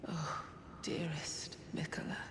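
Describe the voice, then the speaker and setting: A man voicing a dying male demigod lord in a video game cutscene, speaking slowly and solemnly in a faint, breathy whisper. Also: fairly bright tone.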